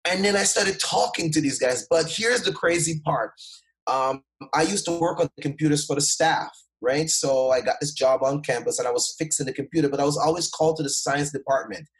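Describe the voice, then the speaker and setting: Energetic man from Jamaica telling stories. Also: fairly high pitch, fairly quick, low-quality recording. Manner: energetic, acts out quoted people, frequent fillers and restarts. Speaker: guest, motivational speaker. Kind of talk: animated personal storytelling in an interview.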